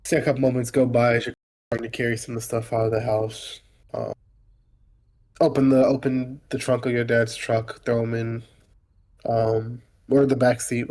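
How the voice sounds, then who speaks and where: A man narrating scenes as game master in a tabletop role-playing game. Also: mid-range voice. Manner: relaxed, describing scenes to players.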